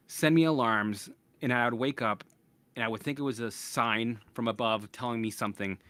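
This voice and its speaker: Male podcast host, mid-pitched, candid and profane, dry close sound, keeps restarting and checking in with "right?". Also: fairly bright tone, no room sound. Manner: blunt and profane, acts out his own past thoughts; restless, with frequent restarts and "right?" asides. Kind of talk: candid personal storytelling.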